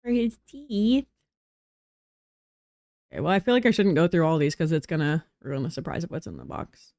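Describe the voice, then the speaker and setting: A woman's voice: low voice, huge pitch swings, fast, gravelly, darkish tone, dry recording, studio quality. A young woman chatting casually and half to herself, giggling now and then. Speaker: girlfriend reviewing brand videos. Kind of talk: casual chat.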